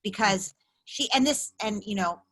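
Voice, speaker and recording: This parenting expert is a middle-aged woman with a medium-pitched voice and an unhurried delivery. She runs a call-in session by video, offering callers direct advice with warmth and empathy.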